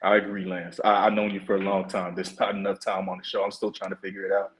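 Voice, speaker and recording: A man with a fairly low voice hosts a casual comedy podcast. He drawls through the segment intros and keeps holding back laughter. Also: monotone, fast, rough recording. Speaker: podcast host.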